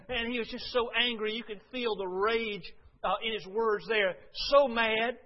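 A man preaching a sermon, building to loud, impassioned bursts when he quotes Jesus. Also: high-pitched, normal speed. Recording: dull lo-fi sound with long hall reverb.

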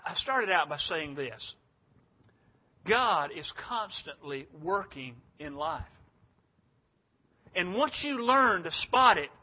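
An older man preaching a sermon in a folksy, rambling, emphatic way. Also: sits high. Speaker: pastor. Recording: dull lo-fi sound.

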